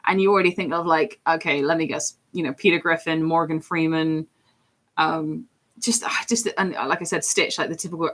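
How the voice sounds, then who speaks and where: A woman's voice: low-pitched, steady tone, moderate pace, a bit bright. A woman who streams and does voice acting, chatting casually and rambling as she talks. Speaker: streamer and voice actor. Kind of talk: casual chat while drawing on stream.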